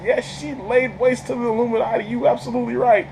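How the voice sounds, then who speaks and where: A man giving a casual movie review, an excitable storyteller who stumbles over repeated words, laughs often and talks in slang. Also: extremely high pitch, fast, vocal fry, slight background noise, poor audio. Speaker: channel host reviewing a film.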